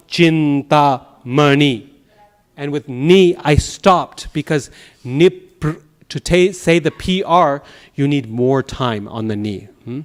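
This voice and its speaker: A man teaching a Sanskrit class, explaining patiently, checking in with the students and reciting verse slowly in rhythm. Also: on the high side. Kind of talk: classroom lecture. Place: temple classroom.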